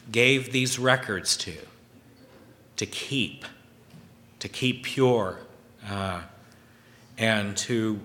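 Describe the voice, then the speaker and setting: A man preaches slowly from scripture, pausing often with hesitant fillers as he reads verses aloud. His voice is bright, and it rings with long reverb in a church hall. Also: fairly low pitch. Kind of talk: scripture sermon.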